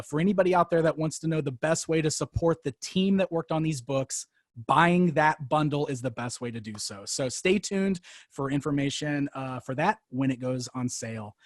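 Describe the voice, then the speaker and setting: A man with a fairly high voice, wrapping up an online fan panel. He speaks earnestly and gratefully, with plenty of ums along the way. The sound is close and dry, with no room echo. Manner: earnest, grateful, with frequent fillers. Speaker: panel moderator and book author.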